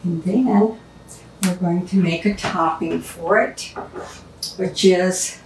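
Cooking in her home kitchen, a woman with a lowish, slow voice chats casually and drifts into stories for her show. The distant mic picks up an echoey room, slight background noise, and dishes and utensils clattering.

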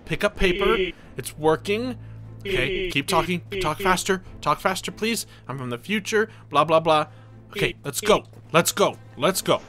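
A man giving excitable let's play commentary, reading game dialogue aloud and yelping when things go wrong. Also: high voice, normal speed, faint music behind. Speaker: gaming video creator.

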